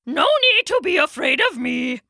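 A woman's voice: high-pitched, big pitch swings, moderate pace, gravelly, sharp tone, no room sound, clean studio sound, pitched above the performer's own voice, exaggerated voice. A woman playing a cheery one-eyed toy box monster. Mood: friendly. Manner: cheery, lip-smacking.

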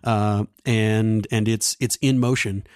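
A man co-hosting a podcast, telling anecdotes in an animated, laughing way. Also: lowish voice, slow pace, no echo, clean studio sound. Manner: animated storyteller, laughs often. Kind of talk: casual chat.

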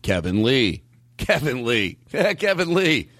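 Rambling man with a lively voice. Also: mid-range voice, slow, dry recording, clean studio sound. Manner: rambling, self-interrupting storyteller. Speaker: podcast host. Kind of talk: casual chat.

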